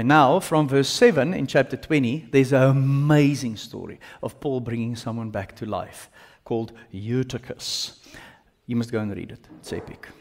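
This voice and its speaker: Animated preacher. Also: male voice, a little high, in a large hall. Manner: animated, conversational, joking asides. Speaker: pastor. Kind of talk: sermon. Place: church.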